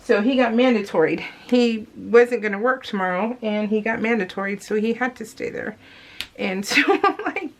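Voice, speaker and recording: A woman's voice: medium pitch, moderate pace. A grown woman chatting casually to viewers while she works on a scrapbooking project, rambling along and calling them you guys. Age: adult. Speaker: scrapbooking vlogger. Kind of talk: casual chat voiced over crafting.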